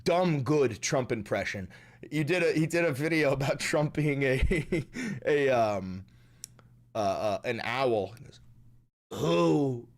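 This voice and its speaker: A man's voice: medium pitch, expressive, a little slow. A man hosting a livestream, chatting loosely and profanely while reading viewer messages aloud. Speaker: livestream host. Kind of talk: casual stream chat.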